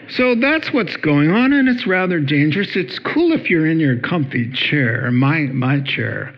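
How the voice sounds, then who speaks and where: A man's voice: on the high side, normal speed, highs cut off. A middle-aged male pastor preaching a sermon, telling stories with humor and acting out little voices. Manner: animated storytelling, acts out voices with playful humor.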